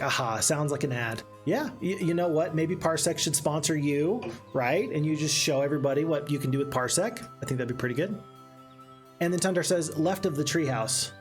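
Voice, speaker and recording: A man's voice: fairly high pitch, lively intonation, moderate pace. A man giving casual, chatty let's-play commentary while streaming a strategy game and reading chat aloud. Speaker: gaming streamer. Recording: faint game music behind.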